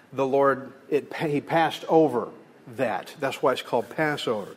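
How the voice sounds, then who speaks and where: A man preaching a sermon in a folksy, conversational way, acting out little dialogues. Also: fairly high pitch. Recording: long hall reverb.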